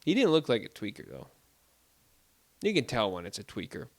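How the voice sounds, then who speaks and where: A man's voice: on the low side, huge pitch swings, normal speed, creaky, dry recording. A man from South Dakota telling rambling everyday stories at home as a solo podcast host, full of fillers like "like" and "dude". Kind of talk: casual storytelling monologue. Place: room at home.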